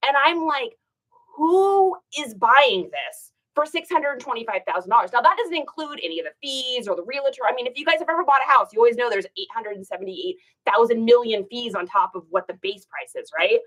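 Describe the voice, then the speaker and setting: Talking fairly quickly in a voice on the high side, a middle-aged reseller livestream host chats with her viewers from home. She spins a long, animated story and performs the other people's voices, and the recording quality is low.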